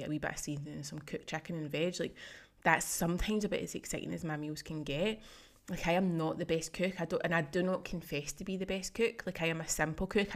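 A woman in her thirties hosts a casual solo podcast as a fitness coach, reading feedback and reacting with gushing emotion. Her voice sits a little low, and she strings thoughts together with constant "like"s. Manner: chatty, heavy use of "like", emotional and gushing.

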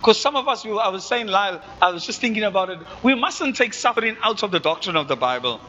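Bright-voiced South African pastor preaching. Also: male voice, high-pitched, expressive, fast talker, lo-fi sound, slight background noise. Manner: conversational preaching, asks the congregation if they follow. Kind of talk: sermon.

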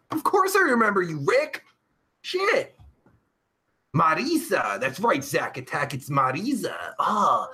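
A man hosting a live chat show, reading viewers' messages and riffing on them in a crude, rambling way that flares up easily. His voice sits high and sounds bright and edgy. He swings widely up and down in pitch and talks at an unhurried pace. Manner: rambling, vulgar, quick to get riled up.

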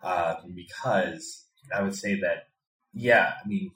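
In an echoey indoor room in Bangkok, a Chicago-born man living in Thailand is interviewed, his voice deep, slow, and a touch bright. The conversation is reflective, and he thinks aloud carefully, often circling back on the same words as he develops an idea.

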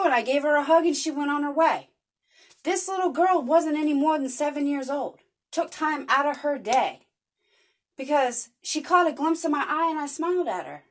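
A woman's voice: sits high, normal speed. A woman hosting a podcast, talking earnestly and chattily in a casual motivational monologue, telling stories with lots of energy. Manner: earnest, chatty, animated storytelling. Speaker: podcast host.

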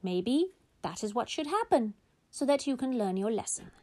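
A woman's voice: fairly high pitch, big pitch swings, moderate pace, dark tone, voice pushed up. Woman as a strict, tired mum. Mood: weary. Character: strict but tired mother of two.

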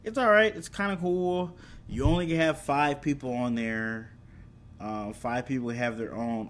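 A man's voice: mid-range voice, a little slow, a little hiss or hum. A man chatting casually about anime and streaming apps, rambling and correcting himself as he goes. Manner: rambling, self-correcting, laughs at own slips. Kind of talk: casual chat.

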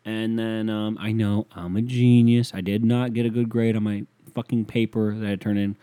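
A man's voice: fairly low pitch, fairly even intonation, moderate pace, dark tone, smooth, no echo. A young man hosting a solo podcast, rambling through stories in a laid-back, profane way. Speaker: podcast host. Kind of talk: casual solo chat.

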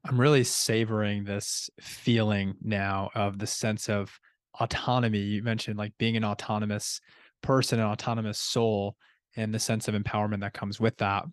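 A male podcast host reflects thoughtfully on his guest's ideas. His voice sits fairly low. The sound is dry and close, with no room echo. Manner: reflective, thoughtful, with soft hums of assent. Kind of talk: podcast interview.

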